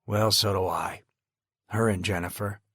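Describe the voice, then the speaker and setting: A man's voice: lowish voice, steady tone, measured pace, fairly bright tone, breathy edge, dry recording, clean studio sound. A man playing a firm, commanding middle-aged father. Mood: gruff. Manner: commanding, clipped orders.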